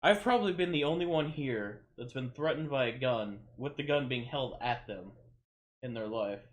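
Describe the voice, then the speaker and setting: A man's voice: medium pitch, normal speed. A man on a podcast, casually telling rambling stories and swearing often. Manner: rambling storyteller, swears, acts out quotes loudly. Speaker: podcast co-host. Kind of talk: casual chat.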